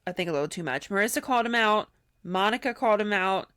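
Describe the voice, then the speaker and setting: A woman's voice: medium pitch, expressive, fast talker, fairly bright tone, dry recording, clean studio sound. A woman co-hosting a podcast, chatting casually and acting out other people's lines as she tells a story. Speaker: podcast co-host. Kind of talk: casual chat recapping a reality show.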